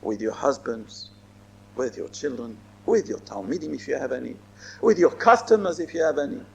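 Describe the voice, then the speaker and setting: A man's voice: mid-range voice, sing-song, normal speed, gravelly, dull audio. A man giving a Torah lecture as a rabbi, emphatic and repeating his phrases. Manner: emphatic, repeats phrases, mixes in Hebrew and Yiddish terms.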